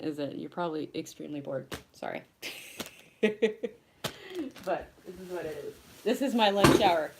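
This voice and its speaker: While putting away groceries and moving from room to room at home, a woman in her thirties from Canada chats on a casual live vlog. She speaks at a moderate pace in a low, creaky voice, rambling and often apologizing self-deprecatingly, with background noise behind her.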